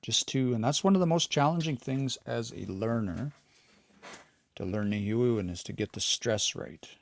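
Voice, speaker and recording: A man giving a relaxed livestream language lesson, explaining patiently and thinking aloud as he reads out viewer comments. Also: mid-range voice, moderate pace, vocal fry. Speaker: language teacher.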